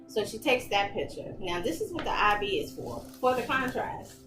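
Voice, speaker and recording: Animated woman telling her story. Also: on the high side, normal speed. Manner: animated retelling, acting out quoted voices. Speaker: interview guest. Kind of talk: storytelling in a podcast interview. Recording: echoey room, distant mic, loud music behind.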